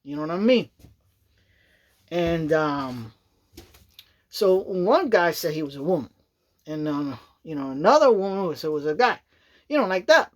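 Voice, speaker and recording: A woman's voice: deep voice, sing-song, a little slow, long pauses. A woman vlogging in a loose, rambling chat, often checking in with the listener and breaking into laughs. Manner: rambling, chatty, repeats "you know what I mean", laughs often. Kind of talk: casual rambling monologue.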